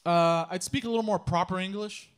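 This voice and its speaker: A man in casual conversation, talking haltingly with many fillers. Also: sits high, fairly even intonation, smooth. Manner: hesitant, rambling, lots of fillers. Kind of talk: casual chat.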